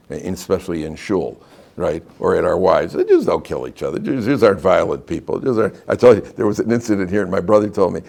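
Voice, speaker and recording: With a low, creaky voice, a rabbi gives students a casual Torah class in a classroom. He keeps it lively and funny, often turning questions to his listeners.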